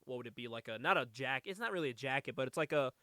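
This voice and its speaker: A man hosting a podcast, recapping a movie in casual chat, animated and laughing often with casual swearing. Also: mid-range voice, rapid-fire, dry recording. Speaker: podcast host.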